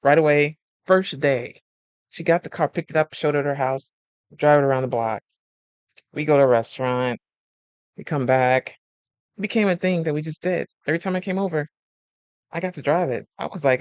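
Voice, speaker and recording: A man's voice: a little high, moderate pace, long pauses, clear, resonant tone, dry recording. A man who is a life coach talking casually about friendship, telling stories and acting out the voices of friends, laughing often. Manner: animated storyteller acting out quoted friends. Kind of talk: casual advice monologue.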